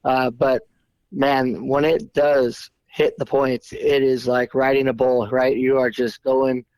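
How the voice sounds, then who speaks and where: A man's voice: mid-range voice, little pitch movement, takes it slowly, darkish tone, clear, resonant tone, low-quality recording. A man guesting on a podcast as a race champion, answering easygoingly with lots of fillers and laughs. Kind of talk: casual interview answers.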